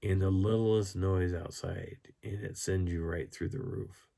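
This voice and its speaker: A hoarse man with a very low, gravelly voice casually recounting a camping story. He tells it in an animated, amused way and chuckles between details. The fry in his voice rasps under every phrase. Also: measured pace. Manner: animated, chuckling anecdote-telling. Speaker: channel host.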